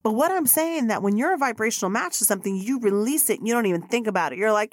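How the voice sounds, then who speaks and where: A woman's voice: fairly high pitch, animated, quick pace, no echo, studio quality. A woman hosting a solo podcast, telling stories in a blunt, profane way and acting out the people she quotes. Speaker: podcast host.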